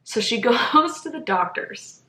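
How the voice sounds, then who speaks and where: Woman podcast host, animated and breezy storyteller, bright voice, roomy echo. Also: on the high side, measured pace. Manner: animated, chatty, laughs often, says "whatever". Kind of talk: casual storytelling monologue.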